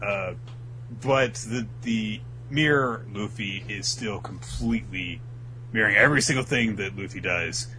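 This podcast co-host, a man with a fairly low, bright, forceful voice, unhurriedly recaps an anime episode in casual chat, laid-back and full of fillers. The audio is poor, with slight background noise.

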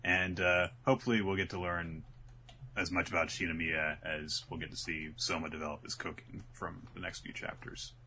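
A man hosting a casual podcast chat, animated and acting out scenes. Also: low voice, slight background noise. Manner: animated, acts out scenes in quick voices. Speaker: podcast host.

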